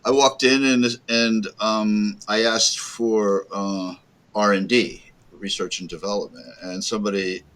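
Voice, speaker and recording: An older American man with a lowish voice tells his story at an easy, unhurried pace. He pauses often to find his words. He comes through a video-call microphone. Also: fairly even intonation, fairly bright tone. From United States. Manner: unhurried, pausing often to gather thoughts. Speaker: guest, board game designer. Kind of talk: reflective storytelling in an interview.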